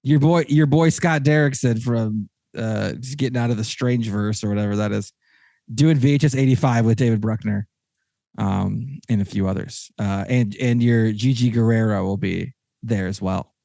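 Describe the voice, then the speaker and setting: A man hosting a casual podcast chat with a Texan accent, rambling and excitable, with many restarts. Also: lowish voice, normal speed, vocal fry, no room sound, clean studio sound. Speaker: podcast host.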